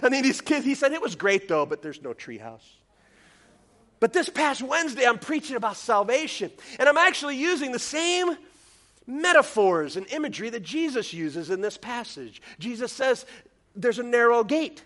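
Middle-aged guy pastor preaching, high bright voice, goofy self-mocking stories. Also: normal speed. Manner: animated, self-deprecating, jumps into high voices for comic quotes. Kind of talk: sermon with storytelling.

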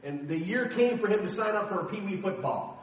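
A man's voice: high voice, animated, fairly quick. A middle-aged man preaching a sermon, telling a story in an emphatic, dramatic way. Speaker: pastor. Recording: echoey hall from far off.

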